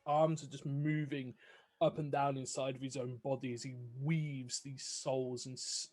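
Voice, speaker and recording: A man's voice: mid-range voice, flat delivery, unhurried, darkish tone. A man narrating a tabletop game as game master, vivid with many fillers.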